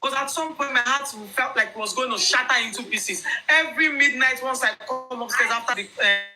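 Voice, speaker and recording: A young Nigerian woman with a Nigerian accent telling viewers her own story in an emphatic, animated way. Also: sits high, brisk, music in the background, poor audio. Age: young adult.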